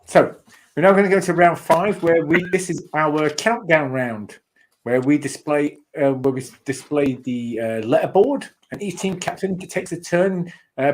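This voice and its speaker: A man's voice: a little high, rough recording. A man hosting a trivia quiz over a call, rambling and laughing mid-sentence as he corrects himself. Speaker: quizmaster host.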